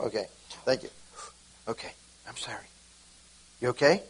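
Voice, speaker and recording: A man preaching an informal sermon, animated and acting out conversations with God. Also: medium pitch, normal speed, pauses often, breathy edge, rough recording.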